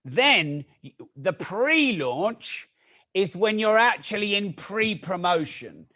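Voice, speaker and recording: This high-voiced man runs an online masterclass with lots of energy, chatting and tossing jokey asides to his live audience.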